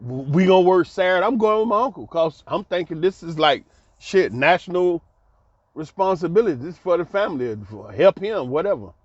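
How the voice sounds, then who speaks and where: A middle-aged man tells his life story in a colloquial, exclamatory style, laughing often. His voice is high-pitched, animated, and a little fast, and the recording is dull, lo-fi, and dry with no echo.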